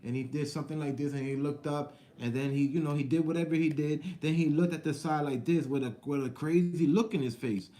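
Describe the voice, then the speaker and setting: Man, vlogger, casual live-stream chat, rambling, repetitive, mellow tone. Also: a little high, fairly even intonation, a little fast, hardly any pauses. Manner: rambling, repetitive, talks to viewers directly. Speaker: vlogger and channel host.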